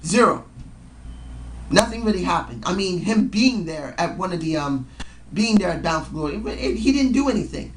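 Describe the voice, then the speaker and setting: A man reviewing a wrestling show in a casual vlog. He is hoarse from yelling and short on sleep, slightly slurring, and talks like a rambling, excitable fan. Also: sits high, normal speed, slight background noise.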